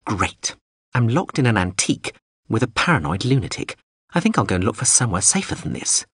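A man's voice: on the low side, very animated, fairly quick, slightly rough, dry recording, studio quality, pitched above the performer's own voice, full character voice. A man voicing a small, prim, officious ship drone that sneers as it talks. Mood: sneering.

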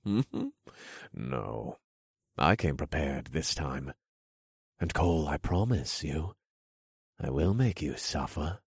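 A man voicing a taunting elderly male king who speaks in a slow, low, mocking drawl with chuckles. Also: animated, vocal fry, breathy edge, dry recording, studio quality, exaggerated voice. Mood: menacing.

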